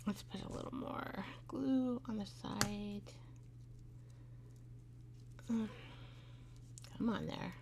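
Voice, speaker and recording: A woman's voice: medium pitch, fairly even intonation, slow, creaky, noisy background. A middle-aged woman hosting a live craft show, chatting and rambling as she works, laughing often and talking to her craft pieces. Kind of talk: live craft tutorial chat.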